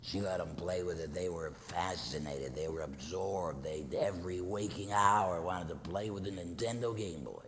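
A middle-aged man preaching a sermon as pastor, telling a family story with acted quotes, swinging from loud to hushed. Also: low voice, moderate pace, hardly any pauses. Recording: long reverb, faint noise.

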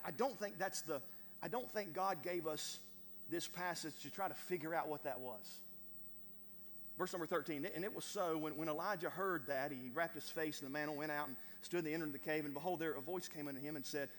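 A man preaching a sermon to a congregation, stammering over repeated words and building to loud emphatic peaks. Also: fairly high pitch, a little hiss or hum. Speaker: pastor. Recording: long hall reverb.

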